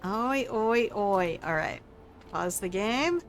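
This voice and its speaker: With a medium-pitched, animated voice and a slow pace, an older woman streamer gives casual gameplay commentary. She's salty, swears, and banters teasingly with chat, while soft music plays in the background.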